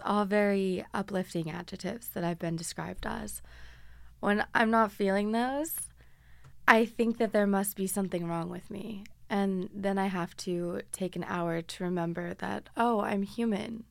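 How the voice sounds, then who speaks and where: A young woman talking through her podcast in a casual, confiding way, poking fun at herself. Her voice has a gravelly fry at the ends of phrases. The sound is close and dry, with no room around it. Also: medium pitch, no room sound. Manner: chatty, self-deprecating, confiding. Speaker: podcast host. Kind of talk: casual podcast monologue with read ads.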